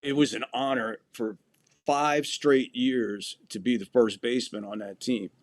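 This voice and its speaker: A man's voice: mid-range voice, a little slow, no room sound. A man hosting a podcast, telling stories casually with lots of swearing and acted-out quotes. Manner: profane, animated storyteller acting out quotes. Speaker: podcast host. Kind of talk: casual storytelling chat.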